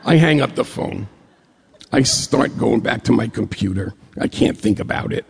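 A man from New York State telling a personal story to an audience in a lively way, acting out the dialogue as he goes. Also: medium pitch, moderate pace, creaky, husky, in a large hall.

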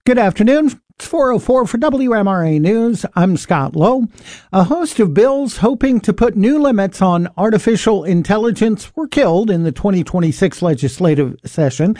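A man anchoring a local radio newscast, reading the news in a measured, even way. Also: high-pitched, no echo, studio quality. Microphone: studio microphone.

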